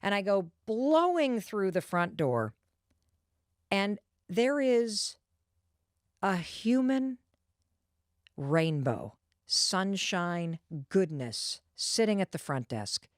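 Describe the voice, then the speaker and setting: A woman host telling a personal story in a lively, animated, confiding way, talking straight to the listener. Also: mid-range voice, drawn-out words, long pauses, no echo, clean studio sound.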